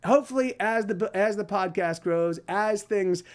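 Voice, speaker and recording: A man's voice: high-pitched, normal speed. A man telling an angry, profane story in a rambling way, with many restarts. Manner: quotes others in put-on voices. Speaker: podcast host.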